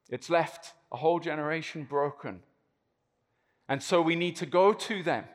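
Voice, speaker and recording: A man's voice: fairly high pitch, long reverb tail. A man who works as a missionary, praying and then giving an earnest testimony with emphatic repetition.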